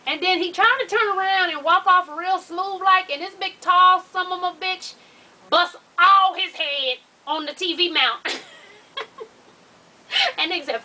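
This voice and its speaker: A woman vlogger telling a story to her viewers in casual, profane talk, animated and laughing as she goes. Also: very high-pitched, normal speed. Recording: distant mic with faint hiss.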